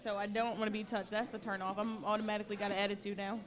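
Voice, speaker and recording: A woman's voice: medium pitch, little pitch movement, racing. A young woman guest on a casual podcast, chatty and frank, often giggling.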